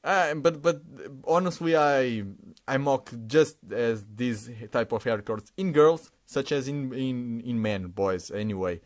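A man's voice: medium pitch, animated. Man narrating a sticker unboxing. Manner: halting, repeats words, stumbles over names, chuckles. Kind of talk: casual unboxing commentary.

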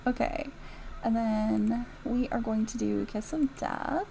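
A woman giving chatty, giggly commentary as she plays through a game mod, reacting out loud to what happens on screen. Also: fairly high pitch, takes it slowly, creaky, slight background noise, rough recording. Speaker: YouTuber reviewing game mods. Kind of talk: casual gameplay commentary.

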